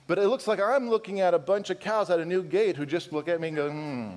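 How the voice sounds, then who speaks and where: A male pastor with a high-pitched voice delivers a sermon. He presses his point with strings of rhetorical questions. He keeps turning to his listeners with candid, conversational asides. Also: fast, darkish tone. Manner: emphatic, full of rhetorical questions.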